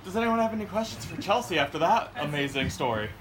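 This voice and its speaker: A man's voice: on the high side, lively intonation, fast talker. A man hosting a live storytelling night at a bar, calling up questions and thanking the speaker. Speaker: host. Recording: loud room with crowd noise.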